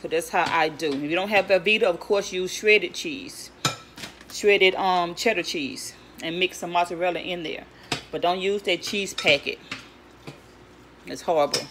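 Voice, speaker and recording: A woman's voice: fairly low pitch, moderate pace. A woman making a casual cooking vlog in her home kitchen, chatty and rambling, stumbling over her words as she goes. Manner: chatty, rambling, stutters and restarts. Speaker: home cook vlogger. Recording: home recording with clear kitchen noise. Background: clinking pots, pans and cutlery.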